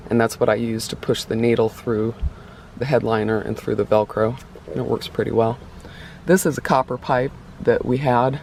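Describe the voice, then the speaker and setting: Male vlogger, middle pitch, casual and rambling, slightly out of breath, faint noise behind. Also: darkish tone. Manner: rambling, self-correcting, chatty. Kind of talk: casual build update to camera. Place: inside a vehicle being built out.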